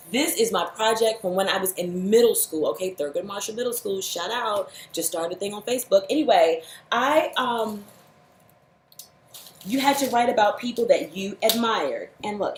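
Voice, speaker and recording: Emotional woman addressing the camera. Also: mid-range voice. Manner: earnest, heartfelt, holding back tears; scolding, fired up. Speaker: vlogger. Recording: roomy echo.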